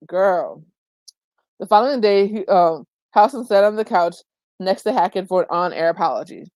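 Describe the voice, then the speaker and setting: A woman's voice: medium pitch, moderate pace, no room sound. Emphatic, outspoken woman vlogger. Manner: emphatic, animated, exclamatory; colloquial, says "child" and "girl" often. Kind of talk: opinionated commentary vlog.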